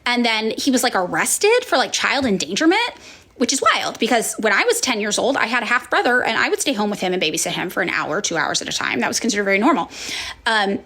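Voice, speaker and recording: A woman's voice: mid-range voice, big pitch swings, quick pace, sharp tone. A woman in her thirties, a political commentator, talking casually to viewers with frequent fillers and restarts. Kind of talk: casual chat answering viewers.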